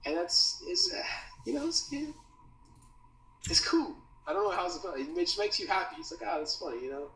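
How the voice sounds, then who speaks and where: A man teaching copywriting in a loose, slangy way, with a bright, lively voice. His pitch swings widely as he talks. He is recorded from some distance in a roomy space with echo and a faint hiss underneath. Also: moderate pace. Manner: slangy, loose, says dude and bro. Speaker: copywriting course creator teaching. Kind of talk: casual teaching talk.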